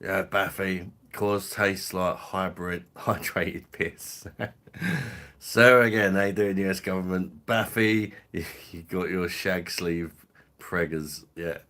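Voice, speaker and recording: A man's voice: low-pitched, fairly even intonation, takes it slowly, bright, forceful tone. A man from London with a Cockney-ish accent, hosting a casual live stream and chatting matily with viewers. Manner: matey, chatty, drops in slang and laughs.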